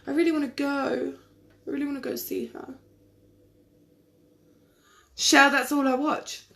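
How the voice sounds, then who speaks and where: A woman's voice: sits high, little pitch movement, measured pace, a bit bright. A woman, chatting casually to viewers during a live makeup tutorial and answering their comments by name. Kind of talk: casual live-stream chat while doing makeup. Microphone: webcam or phone on a live stream.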